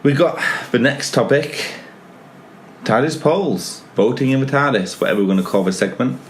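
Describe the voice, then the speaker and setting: A man's voice: medium pitch, expressive, normal speed, slight background noise, low-quality recording. A man hosting a casual podcast chat, joking and laughing at his own lines. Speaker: podcast host.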